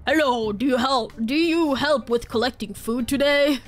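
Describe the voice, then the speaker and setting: A friendly raccoon villager asking for help with chores in a cozy game, as a woman reads the lines. The voice is high and plain, over faint music. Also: moderate pace, lightly acted. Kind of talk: reading game dialogue aloud.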